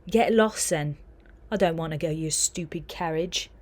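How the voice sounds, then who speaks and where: A woman's voice: low-pitched, fairly even intonation, a little slow, darkish tone. A woman voicing a scruffy, prickly schoolboy who talks awkwardly, in an audiobook. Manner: awkward, then curt. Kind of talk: audiobook character voice.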